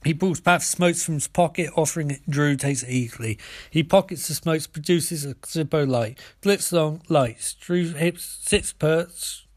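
A man reading a screenplay aloud, stage directions included, with frequent slips. His voice sits a little high. The recording is dry, with no room sound. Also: a little slow, no echo. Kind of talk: screenplay read-through.

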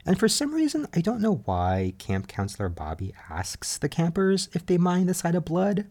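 A man's voice: high-pitched, wildly swooping pitch, moderate pace, a little mellow. Guy doing a chatty podcast recap, voice bounces up and down a lot, laughs a bunch. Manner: chatty, laughs often, gossipy asides. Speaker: podcast host. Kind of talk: casual recap chat.

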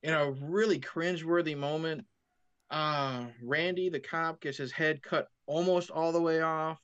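A man's voice: a little high, fairly even intonation, a little slow, a bit bright, clear, resonant tone, lo-fi sound. A man in casual conversation, eagerly recounting film scenes in detail.

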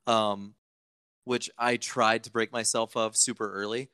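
A man's voice: medium pitch, flat delivery, moderate pace, sharp tone, clear, resonant tone, no echo, studio quality. A young man from Virginia hosting a casual podcast chat, rambling along with jokey asides. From Virginia, United States. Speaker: podcast host.

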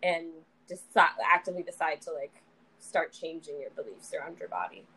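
A woman co-hosting a podcast, telling stories in a lively, casual way and swearing now and then. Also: low-pitched, normal speed, husky, low-quality recording. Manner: animated storyteller, swears casually. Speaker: podcast co-host. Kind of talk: casual conversation.

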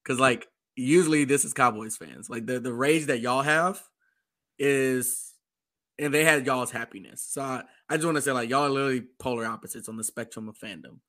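An easygoing man co-hosts a casual sports talk show, responding with relaxed humor. His voice is bright and sits at an ordinary middle pitch. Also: fairly quick. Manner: easygoing, laughing listener. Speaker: podcast co-host.

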